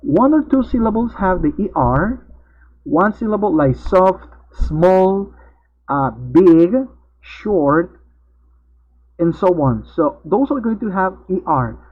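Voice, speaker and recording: A man's voice: sits high, expressive, slow pace, breathy edge. A male English teacher, patiently explaining grammar step by step in an online class. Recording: tinny narrowband video-call audio.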